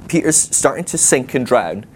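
A man giving a sermon in a loose, conversational way, animated and thinking aloud with fillers and quick laughs. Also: mid-range voice, a little hiss or hum. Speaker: preacher. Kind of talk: sermon teaching.

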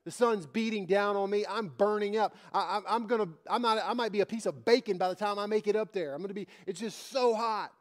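A man's voice: high voice, brisk, hardly any pauses, lightly acted. A man voicing a crusty old male caterpillar who complains constantly and talks rudely and tersely. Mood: griping.

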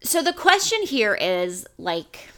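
A woman cohosting a podcast in casual chat, animated and full of fillers. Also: medium pitch, slow pace. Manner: animated, uses "like" a lot.

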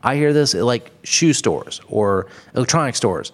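A man's voice: medium pitch, expressive, normal speed. Blunt, profane male podcast host. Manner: blunt, profane, laughs at his own jokes. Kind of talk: solo ranting podcast monologue.

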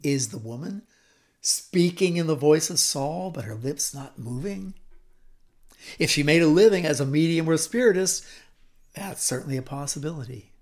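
A man teaching a scripture story dramatically, shifting between loud emphasis and hushed whispers. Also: on the high side, lively intonation, normal speed. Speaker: Bible teacher.

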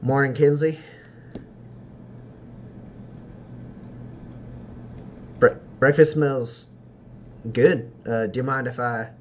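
A man voicing an easygoing adult traveler in a tabletop game, halting and full of restarts. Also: medium pitch, lo-fi sound, a little hiss or hum, close to an everyday voice. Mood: curious. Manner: halting, hesitant, many restarts. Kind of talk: in-character tabletop role-play.

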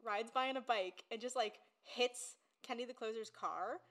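A young woman co-hosts a casual podcast in a slightly high voice. She is sarcastic and profane, acting out lines from scenes as she recounts them. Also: moderate pace, a bit bright. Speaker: podcast co-host. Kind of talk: casual chat.

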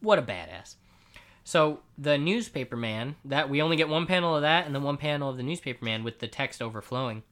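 A man chats casually on a podcast about a comic he has been reading. His voice is bright and clear, and he keeps the talk lively by acting out the characters' lines in quick little voices as he summarizes the story. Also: fairly high pitch. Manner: animated, does quick character voices while retelling. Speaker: podcast co-host. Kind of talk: casual comic book discussion.

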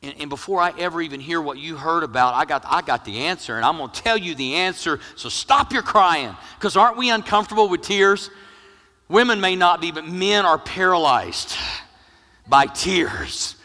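A middle-aged male pastor preaching with jokes, swinging between loud emphasis and hushed near-whispers. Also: a little high, lively intonation, normal speed, in a large hall. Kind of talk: sermon.

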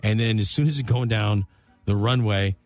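Rambling low-voiced radio host. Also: male voice, normal speed, soft background music. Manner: rambling, self-deprecating storyteller with many fillers. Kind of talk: casual morning radio banter.

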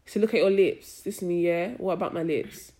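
A young woman talks casually on a podcast. She keeps checking that you follow her, and she gets loud and animated whenever a story riles her. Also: fairly low pitch, brisk. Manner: chatty, frequent "do you know what I mean", gets loud and animated when ranting. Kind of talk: casual chat.

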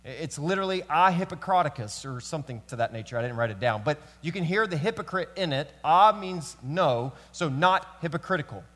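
A man preaches in a loose, conversational way, talking straight to the men in the congregation. His voice sits a little high for a man. The sound carries a long church-hall reverb. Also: expressive, a little fast, few pauses, fairly bright tone. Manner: conversational storytelling, addresses the men in the room. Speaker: pastor. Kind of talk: sermon. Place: church sanctuary.

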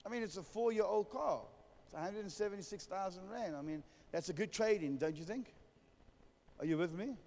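A man's voice: high-pitched, brisk, a little mellow, in a large hall. A man preaching a sermon, telling a humorous story and calling for amens. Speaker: pastor.

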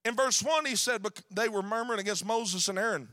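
A man preaching a sermon, shouting in a sing-song cadence with frequent "uh" fillers. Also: very high-pitched, quick pace, few pauses.

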